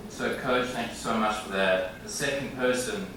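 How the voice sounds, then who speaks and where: A man in his thirties giving a halting, heartfelt acceptance speech, with many pauses and filler sounds, in a large banquet room. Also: lowish voice, recorded from a distance. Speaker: hall of fame inductee. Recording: echoey banquet hall from afar with room noise.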